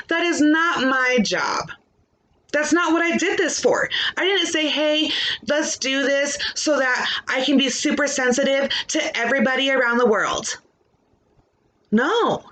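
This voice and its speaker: A young adult woman podcast host rants into her microphone in a blunt, defiant monologue full of swearing. Her voice is a little high with a fairly bright tone.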